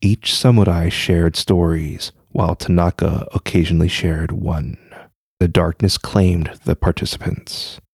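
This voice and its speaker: Deep gravelly male storyteller. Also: a little mellow, no echo, clean studio sound. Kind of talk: scripted story narration.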